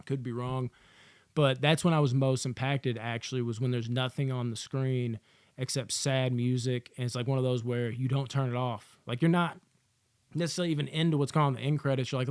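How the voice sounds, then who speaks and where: A man's voice: mid-range voice, fairly even intonation, fairly quick, darkish tone, dry recording. A man giving a casual, rambling movie review, swearing freely and filling his talk with "like" and "you know.". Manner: rambling, profane, candid, lots of fillers.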